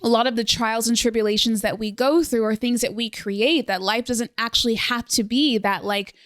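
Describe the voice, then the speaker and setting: A young woman hosting a podcast in casual conversation, lively and fond of acting out what others said to her. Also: on the high side, normal speed, no echo, studio quality. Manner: animated, acts out quoted exchanges. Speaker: podcast host. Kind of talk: casual interview chat.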